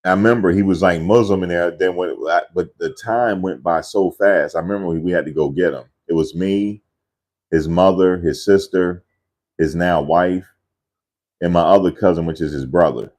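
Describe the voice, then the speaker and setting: A man's voice: low-pitched, moderate pace, darkish tone. A man casually telling a rambling family story in a loose, slangy way, often repeating himself.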